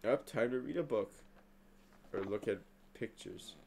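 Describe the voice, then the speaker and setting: A young man hosting a reaction video, talking back to the screen with excitable outbursts and mumbled asides. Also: medium pitch, measured pace, creaky, a little hiss or hum. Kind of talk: casual reaction commentary.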